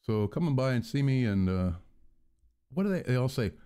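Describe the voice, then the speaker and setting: A man ranting into an earbud mic on his own channel, rambling and swearing freely as he goes. His pitch rises and falls in a lively way, and he sounds exasperated throughout. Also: moderate pace, clear, resonant tone. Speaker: channel host. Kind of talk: casual vlog rant.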